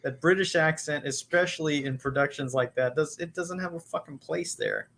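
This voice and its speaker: A man's voice: fairly high pitch, very animated, moderate pace, creaky, a bit bright, slight background noise. A man co-hosting a podcast, bantering in a dry, teasing way. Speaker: podcast co-host. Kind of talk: casual podcast chat.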